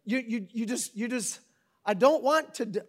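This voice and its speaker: A middle-aged preacher with a drawl and a notably high-pitched voice. He keeps his sermon casual and jokey, then suddenly swings into loud bursts before dropping back down. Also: normal speed. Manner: conversational and joking, with big dynamic swings. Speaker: pastor.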